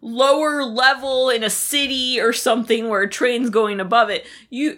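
Upbeat co-host: bright, high woman's voice, very lively and blunt. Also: moderate pace. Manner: animated, blunt, swears. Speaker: podcast co-host. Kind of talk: casual recap chat.

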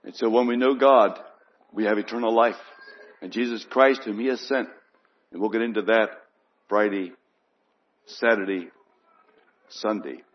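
A man preaching a sermon in an earnest, unhurried way, piling up emphatic lists. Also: fairly low pitch, steady tone. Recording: muffled, long church reverb.

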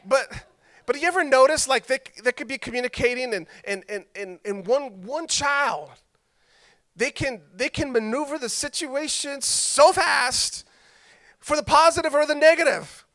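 A man's voice: extremely high pitch, moderate pace, fairly bright tone. A man preaching a sermon as pastor, conversational and joking as he tells stories.

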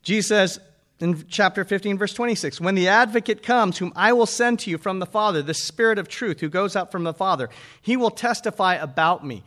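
A man preaching a sermon as pastor, animated and calling out to his congregation. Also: sits high, a little fast.

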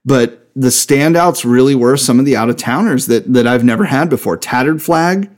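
A man's voice: medium pitch, normal speed. A man co-hosting a podcast in casual chat, enthusiastic and swearing freely. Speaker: podcast co-host.

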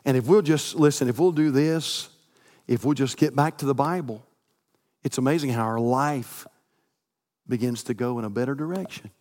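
A man, preaching a sermon as pastor, climbing to near-shouts and dropping to soft prayer. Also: medium pitch, normal speed. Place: church sanctuary. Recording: long reverb in a church hall.

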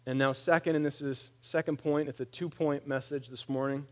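A man in his thirties preaching a conversational sermon, animated and plain-spoken, with wry humor. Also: mid-range voice, moderate pace. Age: 30s. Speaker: pastor.

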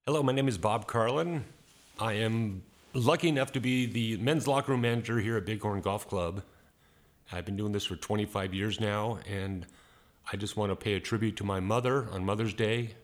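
A man giving a soft, halting spoken tribute with fillers. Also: lowish voice. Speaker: caller sharing a tribute.

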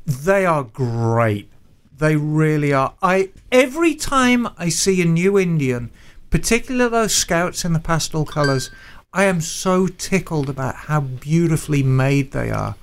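A man's voice: fairly high pitch, big pitch swings, measured pace, clean tone. A man hosting a casual podcast, answering listener emails with enthusiasm. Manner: enthusiastic, fond of motorbikes. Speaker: podcast host. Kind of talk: casual chat.

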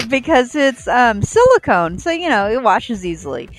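A woman co-hosting a casual podcast chat, speaking candidly, unhurried and giggly. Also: fairly high pitch, very animated, poor audio. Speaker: podcast co-host.

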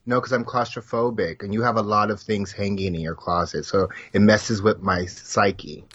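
A man's voice: fairly low pitch, steady tone, normal speed, a bit bright, no room sound. Blunt man on dull call audio. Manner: blunt, dry, offhand. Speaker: podcast co-host. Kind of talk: casual comedic chat.

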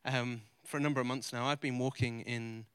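A male pastor preaching a sermon, earnest and confessional, moving between loud emphatic preaching and quiet, vulnerable admission. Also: mid-range voice, fairly even intonation, a little fast, clear, resonant tone, no echo. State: close to tears. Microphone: handheld or stage mic.

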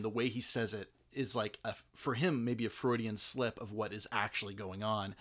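Brief: man, casual film talk, mid pitch, restless and digressive delivery. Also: fairly bright tone. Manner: rambling, many fillers and restarts.

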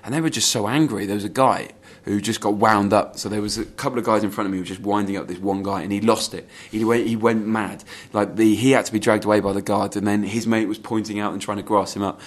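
A man's voice: steady tone, fast talker, hardly any pauses. A man co-hosting a casual fan podcast, rambling through stories with many restarts and reading out quotes. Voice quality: says he has quite a high-pitched voice. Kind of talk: casual chat.

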